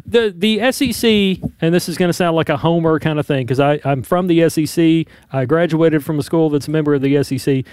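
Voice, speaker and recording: Clear-voiced man with sportscaster energy. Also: fairly high pitch, fairly quick, few pauses, no room sound. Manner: energetic sports-commentator delivery. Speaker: radio talk show panelist. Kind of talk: radio talk show. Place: radio studio. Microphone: studio microphone.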